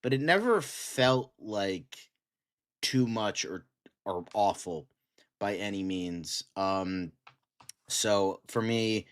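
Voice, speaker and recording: A man co-hosting a casual online talk show, excitable, with lots of fillers. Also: on the low side, slow, clear, resonant tone. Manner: animated, excitable, many fillers like "like". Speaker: co-host. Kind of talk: casual chat.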